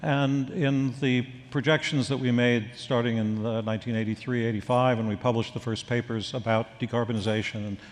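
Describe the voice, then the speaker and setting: An older man speaking as a guest expert in an onstage forum conversation, telling stories in a thoughtful, halting way with many fillers. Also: medium pitch, steady tone. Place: conference hall stage. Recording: reverberant hall.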